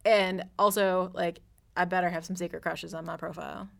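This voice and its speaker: A woman's voice: fairly low pitch, level tone, normal speed, gravelly. A woman co-hosting a casual podcast, bubbly and full of filler words. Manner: bubbly, heavy use of "like". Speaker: podcast co-host. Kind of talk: casual chat.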